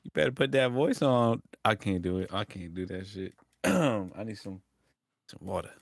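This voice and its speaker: A man's voice: lowish voice, expressive, gravelly, no echo, studio quality. A man in casual podcast banter with friends, laughing often and drawing out his jokes. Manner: laughs often, drawn-out joking delivery.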